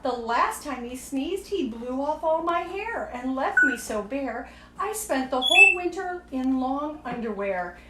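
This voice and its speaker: A woman's voice: high voice, lively intonation, measured pace, hardly any pauses, echoey room, background noise. A woman voicing an indignant, complaining bear in a storybook reading.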